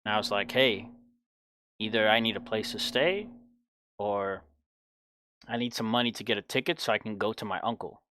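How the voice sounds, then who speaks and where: A man's voice: on the low side, moderate pace, pauses often, sharp tone, a little hiss or hum. A young man in his twenties telling a personal story in a casual, blunt, profane way. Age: 20s. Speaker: podcast host.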